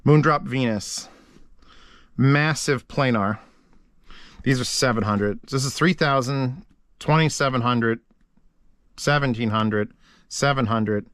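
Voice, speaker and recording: A man's voice: medium pitch, slow, pauses often, fairly bright tone. A man casually chatting on a livestream, answering audio gear questions in a rambling, profane way. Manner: profane, rambling, thinking aloud.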